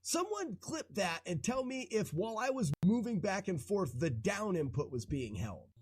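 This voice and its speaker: A man streaming a retro game, giving animated live commentary that is joking and peppered with swearing. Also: sits high, moderate pace, breathy edge, no room sound.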